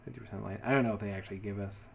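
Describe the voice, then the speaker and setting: A man talking casually through his design work as he goes, thinking aloud in a relaxed way with many fillers. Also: fairly low pitch, very fast, gravelly, a little hiss or hum. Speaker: web developer building his portfolio. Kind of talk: casual screen-share commentary.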